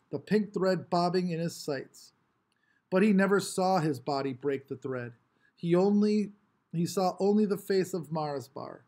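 A man reading a novel aloud with expressive, varied storytelling. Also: fairly high pitch. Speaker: audiobook reader.

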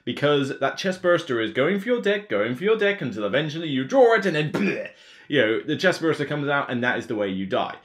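A man's voice: a little high, fast talker, hardly any pauses. A man with a Somerset English accent, talking casually to camera as a board game video host, ranting with lots of fillers. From England (Somerset). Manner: animated, rant-like, with many fillers.

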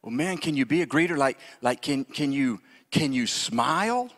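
A man preaching a lively sermon to his congregation, acting out the voices of the people he describes. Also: mid-range voice, a little fast, big-room sound. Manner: animated, acts out voices of church members. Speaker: pastor. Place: church sanctuary.

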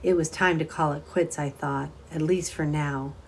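A woman reading a children's novel aloud in a steady, even storytelling manner. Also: low-pitched, normal speed, gravelly, a little hiss or hum. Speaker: audiobook reader.

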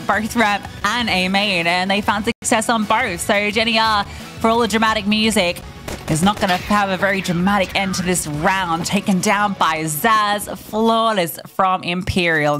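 A woman commentating an esports match, teasing her co-caster between lively play-by-play calls. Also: medium pitch, normal speed, soft background music.

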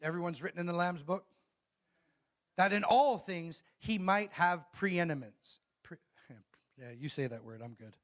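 A middle-aged man preaching a sermon as a pastor, calling out questions to the congregation and reading scripture slowly and emphatically. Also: sits high, lively intonation, fairly bright tone. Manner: call-and-response preaching, asks the congregation questions.

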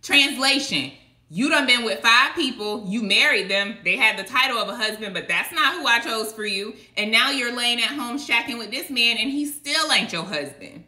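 A woman's voice: on the high side, lively intonation, normal speed, bright, forceful tone. A woman preaching a casual devotional message, emphatic and colloquial, with rhetorical asides. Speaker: online preacher. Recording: echoey room.

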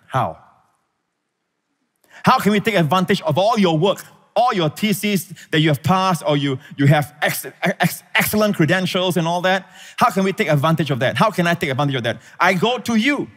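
A middle-aged man preaches to a congregation in a large church, his fairly high voice ringing through the long reverb of the hall. He draws out key phrases, asks the crowd for amens, and swells into shouts to press a point. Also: animated, moderate pace. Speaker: pastor. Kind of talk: sermon. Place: church auditorium.

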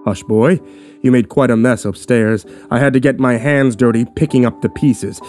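A man doing a sinister male asylum doctor from a horror story reading. He speaks in a quiet, unhurried, menacing hush and keeps his voice low. Faint music plays underneath. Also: fairly even intonation, close to an everyday voice. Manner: quiet, menacing, slow and coaxing. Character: creepy soft-spoken male asylum doctor.

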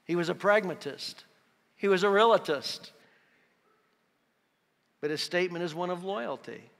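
A man's voice: a little high, measured pace, creaky, pauses often, a bit bright, big-room sound. A man preaching a sermon as pastor, reading scripture with emphatic, dramatic delivery. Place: church sanctuary.

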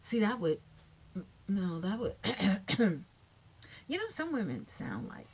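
A woman with a high, youthful-sounding voice chatting casually and sassily to camera about online gossip. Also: slow, lo-fi sound, a little hiss or hum. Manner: chatty, sassy, animated, talks straight to viewers. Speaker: YouTube commentator.

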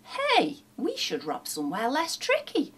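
Cheerful clumsy robber dog, male, voiced by a woman reader; high, husky, lively delivery. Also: moderate pace, heavily acted. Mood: eager.

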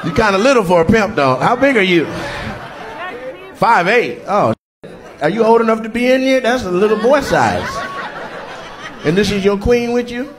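A man doing stand-up crowd work in a large theater, teasing audience members in with loud bursts. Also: high-pitched, sing-song, normal speed, pauses often. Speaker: stand-up comedian. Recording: crowd laughter and noise.

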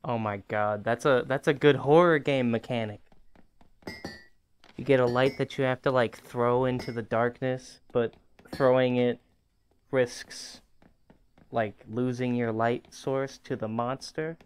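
A man's voice: medium pitch, steady tone, a little slow, smooth. A man hosting a gaming channel, giving chatty, rambling commentary as he plays, laughing often. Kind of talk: casual game commentary.

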